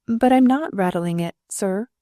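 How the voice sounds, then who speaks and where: A timid, earnest young nurse, put on by a woman reading an audiobook. She speaks high and plaintively, with an eager stammer. The mellow voice sits in a dry, close recording. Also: unhurried, no room sound, close to an everyday voice. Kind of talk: audiobook character voice.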